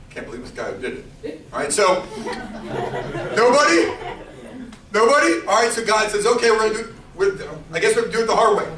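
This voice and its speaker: A man giving a youth sermon, telling a story in an animated, playful way with character voices. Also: high-pitched, fast, reverberant, far from the mic, a crowd in the background, poor audio. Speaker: youth pastor.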